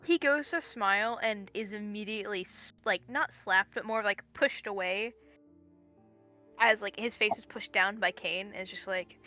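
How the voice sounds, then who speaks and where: A woman's voice: mid-range voice, normal speed, sharp tone. A woman playing a tabletop role-playing game, chatting bluntly and casually with some swearing. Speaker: tabletop player. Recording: faint music behind.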